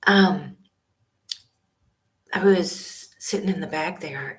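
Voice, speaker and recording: Low-voiced woman in her fifties whispering. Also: slow pace, long pauses. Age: 50s. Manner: hushed, half-whispered talk with many fillers. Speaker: van-life vlogger hosting a live stream. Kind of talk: casual live-stream chat with viewers. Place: small library study room. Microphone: laptop webcam and built-in mic.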